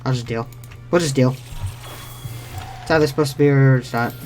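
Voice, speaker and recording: Let's-play streamer, mid-pitched, casual, self-talking and foul-mouthed, faint game music underneath. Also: steady tone, brisk, a little mellow. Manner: talks to self, mutters, swears freely; reads game text aloud. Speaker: streamer playing an online role-playing game.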